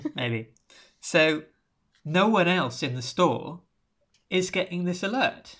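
Bright-voiced man rambling through a story. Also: high-pitched, lively intonation, slow pace. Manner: rambling storyteller, acts out quotes. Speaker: podcast co-host recapping a film. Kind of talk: casual chat.

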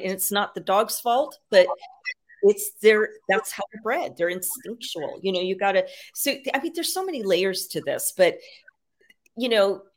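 A woman guest, an animal communicator and medium, telling stories in a rambling, casual way with frequent fillers. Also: mid-range voice. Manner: rambling, filler-heavy, frequent "you know". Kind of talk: casual storytelling interview.

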